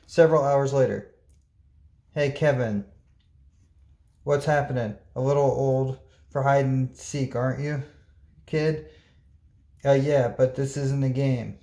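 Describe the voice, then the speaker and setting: A man reads a comic book aloud in an unhurried, plain manner, voicing each character without much change. His mid-pitched voice stays flat and even throughout. The room around him gives a noticeable echo. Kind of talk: reading a comic aloud, voicing all parts.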